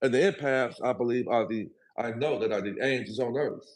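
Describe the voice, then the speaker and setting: A man's voice: medium pitch, a little fast. Preachy motivational man on a livestream. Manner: preachy and emphatic, repeats phrases. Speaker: livestream guest. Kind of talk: motivational live chat.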